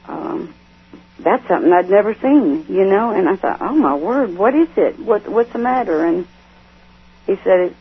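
A middle-aged woman giving a tearful personal testimony, speaking haltingly with many restarts and repeated words. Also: fairly low pitch, husky. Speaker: guest. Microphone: telephone. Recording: tinny phone line.

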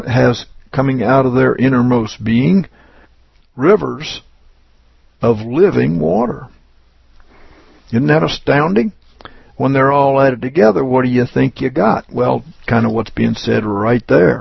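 A man delivers a sermon at a slow, deliberate pace, leaning hard on key words as he teaches from scripture. His voice is gravelly and husky. The recording is dry and dull, with a lo-fi sound. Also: mid-range voice, no echo. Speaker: preacher.

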